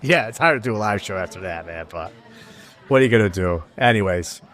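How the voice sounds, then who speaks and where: Sounding lowish, animated, a little fast and a bit bright, an older podcast host from Rochester, New York, with a Western New York accent banters profanely at a live show in a neighborhood bar. He rambles through long stories, swears heavily and keeps restarting.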